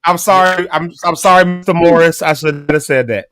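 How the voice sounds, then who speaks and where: A man hosting a morning talk show, laughing often and breaking into loud exclamations. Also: on the high side, brisk, over loud music. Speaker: host. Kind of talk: casual chat.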